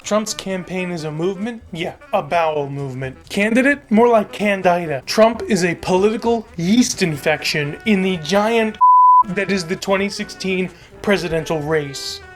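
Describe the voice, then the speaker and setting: A man's voice: high-pitched, normal speed, over music. A man hosting a satirical comedy show, delivering a sarcastic, mock-dramatic rant. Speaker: host.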